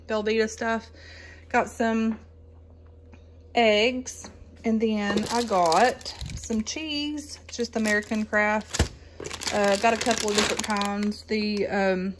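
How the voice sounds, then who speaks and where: Woman vlogger, unhurried, filler-heavy chat, faint noise behind. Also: on the high side. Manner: rambling with many ums, folksy Southern-style exclamations. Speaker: vlogger showing a grocery haul. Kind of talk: casual chat.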